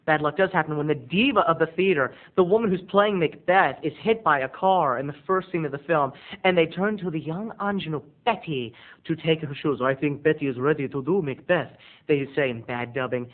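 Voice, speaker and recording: A man giving a casual, animated, campy movie review as a video blogger. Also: on the high side, a little fast. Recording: tinny lo-fi recording.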